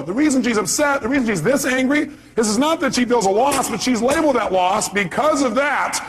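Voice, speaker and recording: Emphatic high-voiced man giving a motivational talk. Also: lively intonation, a little fast, few pauses, husky. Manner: emphatic, fires rhetorical questions at the audience. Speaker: motivational speaker. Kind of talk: motivational seminar speech.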